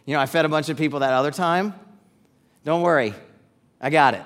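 A man voicing a calm, reassuring male teacher who speaks casually, as an acted quote in a sermon. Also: on the high side, normal speed, close to an everyday voice.

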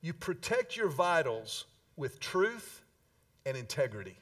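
A man preaching a sermon as pastor, emphatic, with dramatic pauses and slowed key phrases. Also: on the high side, big pitch swings, fairly bright tone, far from the mic.

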